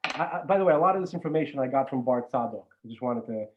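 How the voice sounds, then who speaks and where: A man's voice: medium pitch, expressive, rapid-fire, dull audio, noisy background. A man chatting casually as a regular podcast guest, rambling with many restarts and some swearing. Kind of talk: casual chat.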